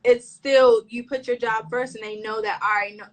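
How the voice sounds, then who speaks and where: A woman's voice: a little high, steady tone, normal speed, poor audio. A woman stylist chatting casually in an interview over a video call, slangy and full of restarts. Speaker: fashion stylist.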